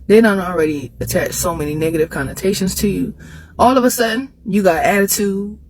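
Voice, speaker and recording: A woman talking casually to camera, animated, laughing between phrases and jumping high in pitch when she makes a point. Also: brisk, background noise. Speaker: vlogger.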